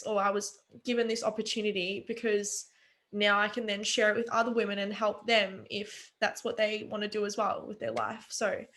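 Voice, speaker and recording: A woman's voice: mid-range voice, pushed and bright. A young woman, telling her personal story earnestly and emotionally on a video call. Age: young adult. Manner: earnest, emotional, many fillers. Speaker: webinar guest.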